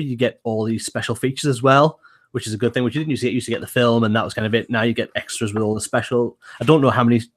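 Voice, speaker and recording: Quick, upbeat male co-host, rattles along with fillers. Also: medium pitch. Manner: fast, upbeat, full of fillers like "uh" and "kind of". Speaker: podcast co-host. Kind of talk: casual podcast chat.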